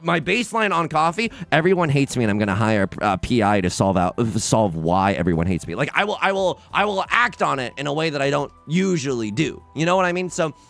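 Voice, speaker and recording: A young man chatting casually while streaming a mahjong game, rambling and self-deprecating, with nervous asides and sudden loud outbursts. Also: fairly high pitch, very animated, brisk, vocal fry, hardly any pauses, faint music behind. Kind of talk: casual livestream chat while playing mahjong.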